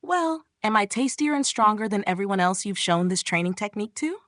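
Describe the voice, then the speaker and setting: A woman's voice: mid-range voice, lively intonation, brisk, a bit bright, no room sound, studio quality, close to an everyday voice. A woman voicing a bossy but shy young sister in a manga recap, with a snappy, flustered manner.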